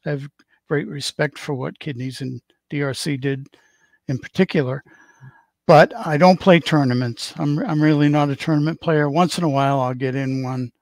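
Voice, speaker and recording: A man's voice: fairly high pitch, moderate pace, no echo. A man in his seventies with a Boston accent, chatting as a stream guest and telling rambling, joking stories. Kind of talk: casual chat on a stream.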